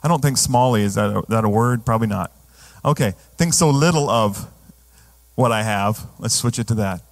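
A man's voice: fairly low pitch, moderate pace. A male pastor preaching a sermon in a conversational way, often asking the congregation questions.

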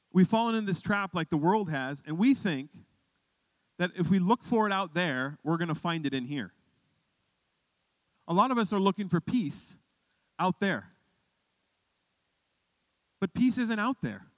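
Conversational preacher man, slightly high voice. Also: a bit bright, no room sound. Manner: conversational storytelling, rising to emphatic questions. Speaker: pastor. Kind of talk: sermon with a personal story.

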